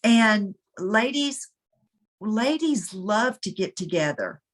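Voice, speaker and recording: A woman's voice: medium pitch, very animated, slow pace. A woman leading a casual planning meeting, encouraging the group and stumbling over restarts. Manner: encouraging, with false starts. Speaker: group leader rallying members.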